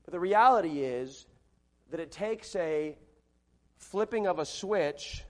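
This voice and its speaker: A man preaching a sermon in a large church, emphatic, repeating his phrases and swinging between loud and soft delivery. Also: fairly high pitch, lively intonation, slow. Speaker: pastor.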